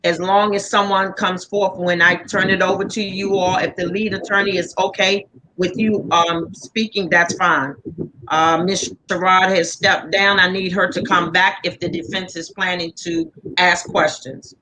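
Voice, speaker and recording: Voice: medium pitch, little pitch movement, a little slow, background noise. A speaker acting as the judge in a mock trial, giving formal procedural instructions over a video call.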